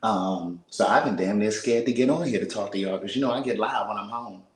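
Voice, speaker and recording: An American man talking casually to live viewers from a small apartment, speaking softly and half-whispering, laughing and reading out comments. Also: lowish voice, fairly quick, roomy sound, low-quality recording. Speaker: vlogger on a livestream.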